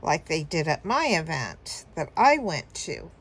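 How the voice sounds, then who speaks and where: A woman's voice: deep voice, big pitch swings, a little slow, slightly rough. A woman telling a story casually to her viewers, rambling with fillers and chuckling now and then. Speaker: vlogger.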